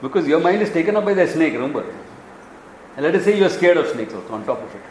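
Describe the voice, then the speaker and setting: A man from Kerala with an Indian accent, giving a Vedanta discourse as a spiritual teacher, animated and quick to act out little dialogues with chuckles. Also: on the high side, roomy sound, slight background noise, poor audio. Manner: animated storytelling, acts out dialogues, chuckles often.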